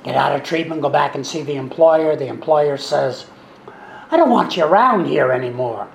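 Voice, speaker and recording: A man in his seventies tells his story to a meeting in a folksy, repetitive way with a dry, sarcastic edge. His voice sits slightly high for a man. The room is echoey, with a faint hum behind him. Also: lively intonation, moderate pace, creaky. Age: 70s. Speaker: speaker sharing recovery story. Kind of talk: recovery meeting talk.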